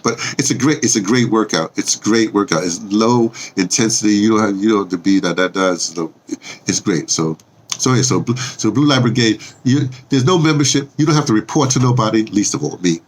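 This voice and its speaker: Low husky older man from the Bronx. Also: a little fast. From New York, the Bronx. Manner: rambling, chatty, many fillers and restarts. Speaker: vlogger. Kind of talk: casual rambling monologue.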